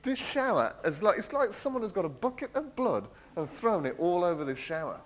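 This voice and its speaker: A man telling a personal story in an animated way. He laughs often and acts out the voices of the people he quotes. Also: high-pitched, fairly quick, poor audio. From England. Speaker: speaker sharing a personal testimony. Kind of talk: storytelling talk.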